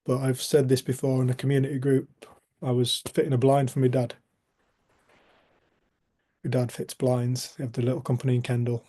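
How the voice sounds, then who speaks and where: A man's voice: mid-range voice, little pitch movement, normal speed, dark tone. A middle-aged man, leading a group and telling a personal story in an earnest, heartfelt way, often dropping to a near-whisper, heard over a video call. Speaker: group facilitator.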